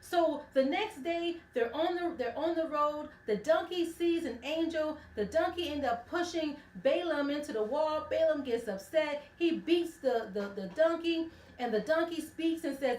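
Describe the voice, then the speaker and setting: A woman with a high voice teaches from scripture in an easy, conversational way, acting out each character's lines as she goes. She sounds set back from the microphone in a roomy space, and the echo hangs around her words. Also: normal speed, recorded from a distance. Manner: animated storytelling, acting out the characters in the story. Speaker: radio ministry host.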